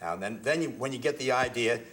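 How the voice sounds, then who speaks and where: Speaking quickly in a medium-pitched voice, a man teaches drums hands-on, breaking the technique into steps and frequently repeating himself while he plays. Drum hits land between his phrases, and he's heard in a reverberant space over loud music.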